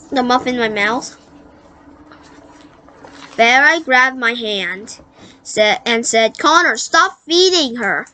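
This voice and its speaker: A woman's voice: high voice, bright, forceful tone. A woman reading a storybook aloud, stumbling and correcting herself as she goes. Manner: halting, self-correcting read-aloud. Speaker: book reader.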